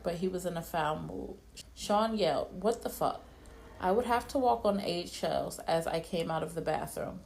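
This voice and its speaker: Low, creaky woman narrating. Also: darkish tone. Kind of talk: first-person story narration.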